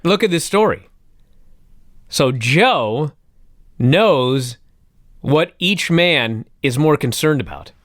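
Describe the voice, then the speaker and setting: Animated, profane man retelling with gusto. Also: on the high side, slow, pauses often, no echo, clean studio sound. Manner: profane, excitable storytelling. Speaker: podcast co-host recapping wrestling. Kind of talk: casual chat.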